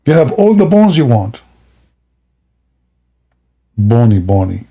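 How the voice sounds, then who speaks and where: Gravelly, husky man mocking on a stream. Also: mid-range voice, very animated, slow pace, warm tone. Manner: sarcastic, rambling, laughs at own jokes. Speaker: livestream host. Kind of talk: mocking comedic commentary.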